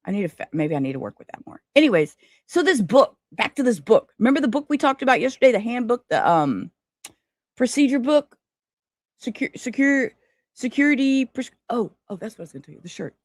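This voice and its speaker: A woman's voice: a little high, sing-song, fairly quick, no room sound, studio quality. A woman hosting a live stream in casual chat, rambling and losing her words. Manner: scattered, rambling, self-interrupting. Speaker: livestream host.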